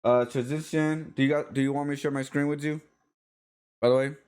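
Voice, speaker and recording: A slightly high, darkish, clean male voice with fairly even intonation moves along at a fairly quick pace. He's hosting a live-streamed artist podcast, chatting casually and rambling with many fillers and restarts.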